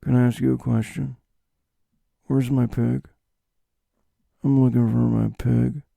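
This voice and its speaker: A man doing a comic impression of a quiet, understated man searching for his pig, mumbling flatly. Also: medium pitch, a little slow, creaky, no room sound. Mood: deadpan.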